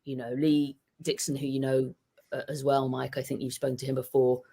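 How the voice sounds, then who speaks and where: Guest spot: woman journalist, animated, restarts a lot. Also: very deep voice, a little fast, breathy edge. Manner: thoughtful, many restarts, animated storytelling. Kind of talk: conversational podcast interview. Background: dog nearby at home.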